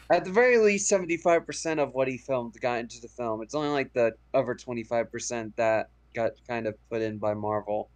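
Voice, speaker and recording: A man's voice: medium pitch, brisk. A man co-hosting a casual movie podcast, chatty and laughing his way through stories. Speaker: podcast co-host.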